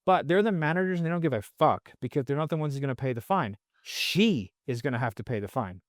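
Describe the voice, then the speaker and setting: A man's voice: medium pitch, fast talker, dry recording, clean studio sound. A man, guesting on a podcast, ranting bluntly and swearing a lot in casual conversation. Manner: blunt, profane, animated ranting.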